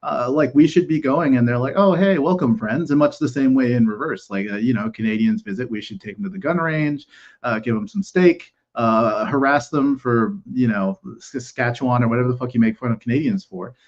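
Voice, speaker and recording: A man's voice: mid-range voice, a little fast, muffled recording. A man in casual political podcast chat, opinionated and ranting, with lots of "like" and swearing.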